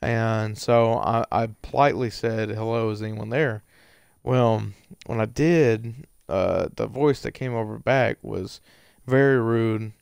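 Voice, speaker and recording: A man's voice: medium pitch, slow, gravelly, a little mellow, smooth, dry recording, studio quality. A man telling a story casually to his viewers, rambling with many fillers and restarts. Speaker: streamer answering viewer questions.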